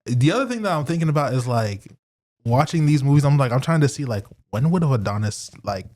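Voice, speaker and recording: A man's voice: mid-range voice, lively intonation, fast talker, a little mellow. Rambling young man on a podcast. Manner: rambling, lots of fillers, laughs often. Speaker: podcast co-host. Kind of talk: casual chat.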